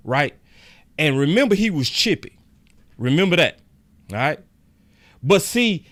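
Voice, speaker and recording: A man ranting heatedly as a sports commentator, repeating himself for emphasis in a fan vlog. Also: on the high side. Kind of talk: fan rant about a football game.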